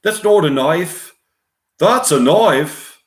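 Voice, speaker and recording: A man's voice: fairly high pitch, expressive, slow, pitched above the performer's own voice. A man doing an impression of a laid-back, tough Australian bushman, with an Australian accent. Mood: cocky. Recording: roomy echo.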